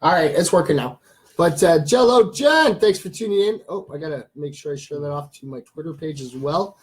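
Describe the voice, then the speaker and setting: A young man talks in a loose, rambling way while hosting a casual livestream. His voice sits a little higher than most men's, and he keeps breaking off to greet viewers and read their comments. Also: animated, a little fast. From Canada. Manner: rambling, chatty, reads viewer comments aloud. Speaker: livestream host.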